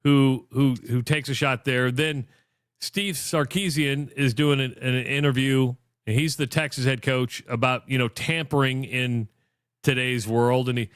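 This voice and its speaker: A man's voice: medium pitch, fairly even intonation, measured pace, smooth, no room sound, clean studio sound. A man co-hosting a sports talk radio show, giving fired-up, opinionated commentary and retelling stories.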